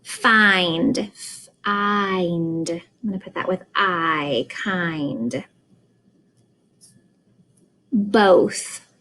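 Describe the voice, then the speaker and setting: A woman teaching a phonics lesson at a very unhurried pace, stretching out each vowel sound. She speaks in a calm, mid-range voice and explains each step. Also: lowish voice, rough recording. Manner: slow, deliberate, sounds out vowels.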